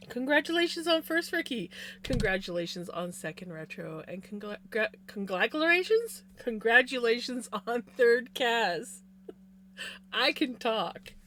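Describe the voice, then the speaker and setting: In a fairly high, fairly bright, sing-song voice at a measured pace, a woman streamer crochets and chats casually with her audience. She greets people by name and yawns from time to time, speaking into a desk microphone in a home room where a fan is running.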